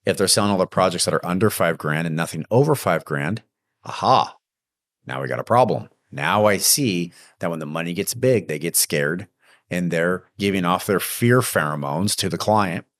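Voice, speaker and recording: Low male host, emphatic coaching delivery, dry close mic. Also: lively intonation, moderate pace, fairly bright tone, dry recording. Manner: emphatic, coaching, acts out sales pitches. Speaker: podcast host. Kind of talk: casual business advice monologue.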